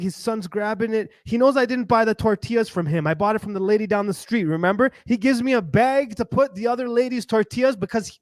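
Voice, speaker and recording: Guy rambling through a story, high voice, dry sound. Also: no echo. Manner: lively, rambling, acts out voices of people he met. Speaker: podcast host. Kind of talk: animated storytelling monologue.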